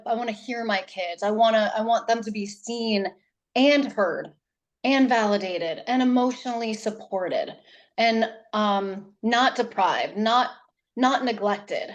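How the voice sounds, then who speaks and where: Woman, parenting coach, interview guest, animated, rambling, restarts often. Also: a little high. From New Hampshire. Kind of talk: casual interview talk.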